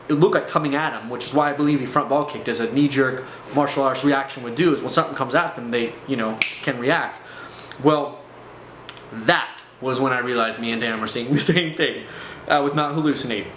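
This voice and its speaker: Slightly high-voiced man recounting a personal experience, animated and rambling, roomy echo, faint noise behind. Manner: animated, filler-heavy storytelling. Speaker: vlogger. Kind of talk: personal testimony storytelling. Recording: echoey room, faint background noise.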